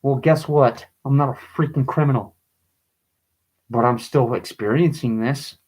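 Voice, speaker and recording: A man reading and explaining his own poem in a video, pleading and agitated, his voice rising into angry bursts, with halting restarts. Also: medium pitch, darkish tone, breathy edge, rough recording. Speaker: vlogger.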